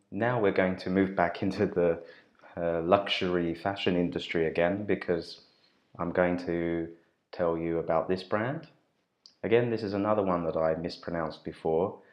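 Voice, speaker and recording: A man teaching an online pronunciation lesson as an English teacher, repeating words slowly and carefully and talking directly to his viewers. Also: low voice, a little mellow. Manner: friendly direct address to viewers.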